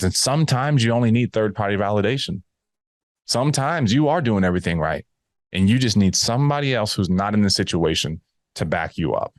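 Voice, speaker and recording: A man's voice: fairly low pitch, animated, fairly quick, no room sound. A man talking casually and emphatically as he mentors a new insurance agent, often acting out sales calls. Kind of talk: casual coaching talk.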